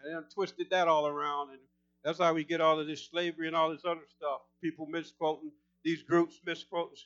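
Excitable guy preaching, voice goes up when he gets fired up, sharp tone, kinda muffled sound. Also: on the high side, fairly quick, no echo. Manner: voice rises when excited, fervent and emphatic. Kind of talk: sermon.

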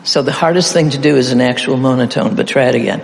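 A man's voice: medium pitch, fast, creaky. A middle-aged man preaching an interactive sermon, playfully leading his audience through call-and-response repetitions. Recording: echoey hall with faint ambience.

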